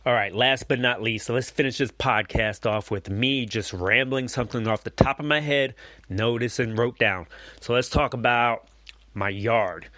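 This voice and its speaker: A man hosting a comedy podcast, rambling through jokes and stories and acting out both sides of the dialogue loudly. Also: mid-range voice, normal speed, no echo. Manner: loud animated storytelling with acted-out dialogue. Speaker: podcast host.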